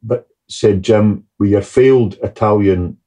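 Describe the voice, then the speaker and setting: Deep, husky Scottish poet. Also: male voice, dark tone. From Perth, Scotland. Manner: explaining, a little halting. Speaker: poet, guest. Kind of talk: interview talk.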